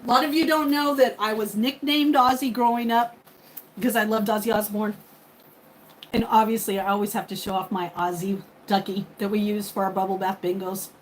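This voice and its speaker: A woman's voice: mid-range voice, fairly even intonation, fairly quick, slight background noise, low-quality recording. A woman in her forties chatting casually with her live viewers, rambling and openly emotional. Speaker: livestream host.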